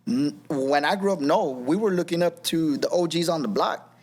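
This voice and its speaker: A man's voice: fairly high pitch, moderate pace, a little mellow. A man in his thirties, a podcast guest, telling his personal testimony in a rambling casual way, full of restarts and "you know what I mean".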